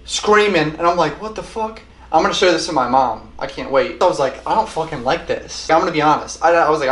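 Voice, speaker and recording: A man's voice: medium pitch, fairly bright tone. A young man reviewing an album in a casual, rambling monologue, swearing a lot and repeating himself. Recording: roomy echo.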